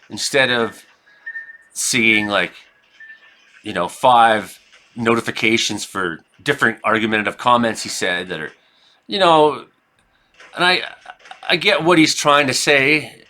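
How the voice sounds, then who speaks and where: A Canadian man giving casual, rambling commentary over his own gameplay, shifting between chat and loud reactions. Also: medium pitch, unhurried, pauses often. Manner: rambling, excitable, reacts loudly to hits. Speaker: gaming streamer and weather forecaster.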